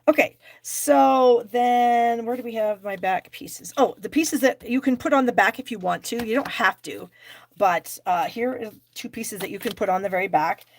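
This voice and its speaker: Middle-aged woman host, casual and self-deprecating, narrating a craft demo, mid voice, light background hiss. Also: mid-range voice. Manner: chatty, self-deprecating, talks to herself. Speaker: stamping class host. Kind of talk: live crafting demonstration.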